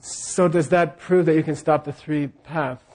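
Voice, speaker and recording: A man's voice: on the high side, steady tone, measured pace, a little mellow. A man teaching a class on scripture, leading the students in repeating lines and checking in with them again and again. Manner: leads call-and-response repetition.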